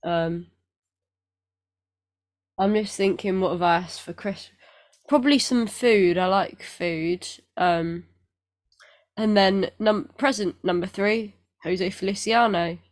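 A woman's voice: mid-range voice, slow pace, pauses often. A woman co-hosting a casual podcast, rambling and self-deprecating with lots of fillers, getting over feeling unwell. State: recovering from illness. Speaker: podcast co-host. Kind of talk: casual chat.

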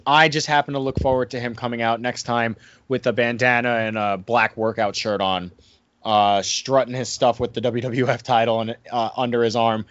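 A man co-hosts a casual podcast, his talk loose and rambling, studded with "I mean" and "like". His voice sits at an everyday middle pitch. The sound is dry and close, but dull and lo-fi. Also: steady tone, normal speed, fairly bright tone, no room sound. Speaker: podcast co-host and wrestling promoter. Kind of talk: casual podcast review chat.

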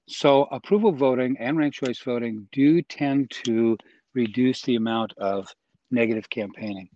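Husky man earnestly explaining. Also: mid-range voice, mellow, no echo, lo-fi sound. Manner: earnest, persuasive, with restarts. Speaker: interview guest, voting reform advocate. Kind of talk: conversational explaining.

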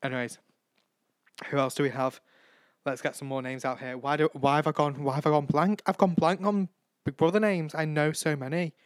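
A man's voice: fairly high pitch, steady tone, brisk, clean tone, no echo, studio quality. Gushing young man rambling. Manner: gushing, rambling, swears freely. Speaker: podcast host. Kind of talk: casual solo podcast chat.

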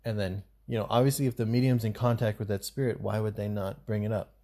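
A man's voice: on the low side, steady tone, fast talker, mellow. A man co-hosting a podcast in casual chat, talking in a loose, rambling way with lots of fillers. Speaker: podcast co-host.

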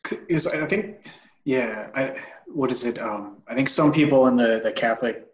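A man's voice: medium pitch, moderate pace, reverberant, dull audio. A man hosting a casual conversation who searches for his words and fills gaps with "like". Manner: hesitant, searching for words with many "like" fillers.

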